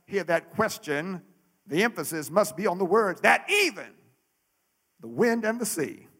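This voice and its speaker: Lively high-pitched male preacher. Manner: preaching cadence, swelling to shouts, many repeated words. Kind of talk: sermon.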